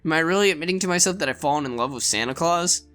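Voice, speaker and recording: A man's voice: a little high, racing, faint music behind. Earnest man reading a visual novel. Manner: earnest, expressive reading with small stumbles. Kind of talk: visual novel read aloud.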